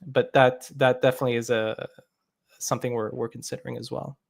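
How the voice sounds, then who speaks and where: A man's voice: medium pitch, steady tone, fairly quick, vocal fry. Man explaining his game design, filler-heavy. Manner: explains step by step with many fillers. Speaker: game developer guest. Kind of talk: casual podcast chat.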